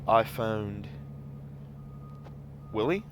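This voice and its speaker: A man's voice: on the low side, lively intonation, very slow, noisy background. A man casually telling a rambling story to the camera, with many fillers and restarts. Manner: rambling, filler-heavy retelling. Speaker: vlogger.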